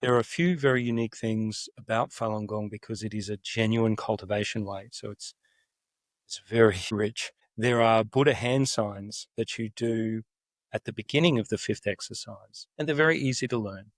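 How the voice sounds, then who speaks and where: A man's voice: fairly low pitch, normal speed, no echo. A man as a podcast guest, earnestly and enthusiastically explaining a practice step by step. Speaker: guest, spokesperson for a spiritual practice.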